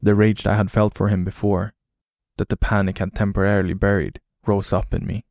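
A man narrating a horror story in a flat, grim, low-key way. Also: brisk, dry recording, studio quality.

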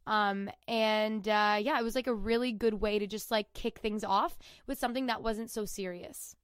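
A woman's voice: medium pitch, fairly quick, clear, resonant tone, no room sound, studio quality. A young woman in her twenties from Canada, a singer-songwriter guest chatting in an interview, rambling with lots of fillers. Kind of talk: casual interview chat.

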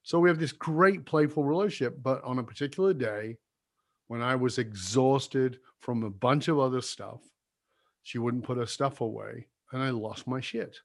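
An older man, a guest, sharing a personal story in an earnest, confessional way, his voice going soft and low at tender moments. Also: normal speed, gravelly. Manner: earnest, confessional, drops soft and low when recalling apologies.

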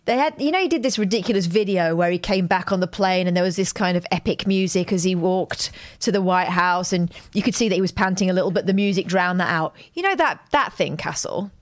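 A woman's voice: on the low side, expressive, a little fast, few pauses, dry recording, clean studio sound. A woman with a Northern English accent, co-hosting a call-in show in a chatty, wry way. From north of England.

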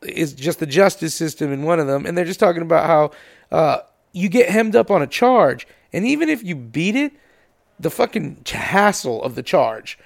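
A man's voice: on the high side, very animated, normal speed, vocal fry. A man co-hosting a podcast, swearing freely and acting out the people in his stories. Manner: profane storyteller acting out quotes. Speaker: podcast co-host. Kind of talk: casual podcast banter.

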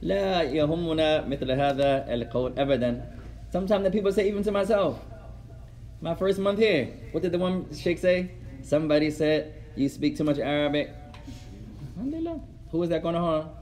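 Fast-talking male teacher. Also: a little high, lively intonation, a little mellow. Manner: switches quickly between Arabic and English, repeats words for the class. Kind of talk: classroom lesson. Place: classroom with students.

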